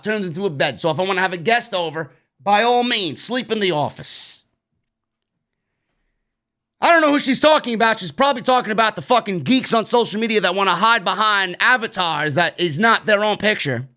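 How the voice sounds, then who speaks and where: A man's voice: high voice, animated, moderate pace, sharp tone. A man with a New York accent recapping a wrestling show in a blunt, sarcastic, swearing rant. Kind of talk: casual recap commentary.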